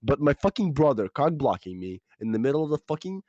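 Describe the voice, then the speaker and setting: A man's voice: mid-range voice, big pitch swings, fast, mellow, dry recording, lo-fi sound. A young man co-hosting a casual podcast, telling a story in a rambling way, swearing and laughing often. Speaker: podcast co-host.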